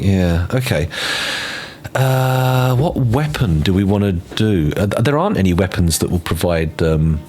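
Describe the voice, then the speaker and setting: A man's voice: sits low, darkish tone, a little hiss or hum. A man streaming a game in casual commentary, rambling and joking to himself as he plans, speaking into a desk microphone. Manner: rambling, playful, mutters to himself while planning.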